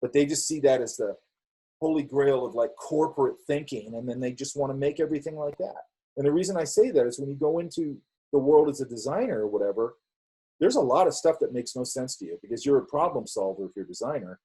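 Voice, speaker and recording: A man's voice: mid-range voice, animated, fast, dark tone, slightly rough, poor audio. A man hosting a live class, chatting casually on a tangent and acting out quoted exchanges. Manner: rambling, acts out quoted dialogue. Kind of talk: casual talk.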